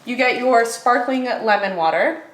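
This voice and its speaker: A young woman chatting casually as she tastes and reviews grocery finds, upbeat and quick, with lots of fillers. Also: fairly high pitch, roomy sound, slight background noise, poor audio.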